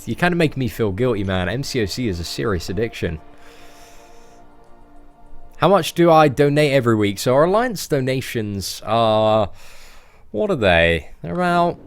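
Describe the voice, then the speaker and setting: A man in his twenties with a fairly posh English accent, chatting casually as he answers viewer questions on a live stream. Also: medium pitch. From England. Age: 20s.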